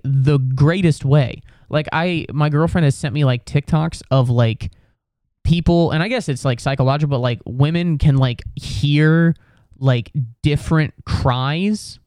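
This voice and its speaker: A man's voice: on the high side, darkish tone, clean tone, dry recording, studio quality. A young man hosting a casual comedy podcast alone, rambling and swearing, full of "like" and "dude". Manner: rambling, profane, lots of likes and dudes. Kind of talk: casual solo podcast rant.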